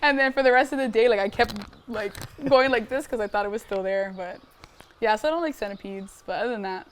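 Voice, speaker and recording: A woman's voice: on the high side, fast, a little hiss or hum. A young woman from Hawaii, a pig farmer telling stories casually and animatedly on a farm tour. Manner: animated, lots of "like", acts out sounds. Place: outdoors on a farm.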